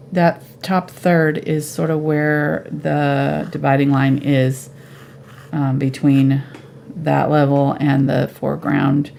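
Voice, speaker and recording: A woman giving a live painting tutorial at home, relaxed and thinking aloud as she paints. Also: low voice, vocal fry, slight background noise. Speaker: painting instructor.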